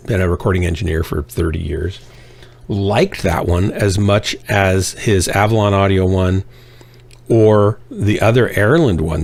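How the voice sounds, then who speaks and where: A man's voice: on the low side, a little mellow. A middle-aged man hosting a game stream, chatting casually in a joking, rambling way. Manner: joking, rambling, self-mocking. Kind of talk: casual chat.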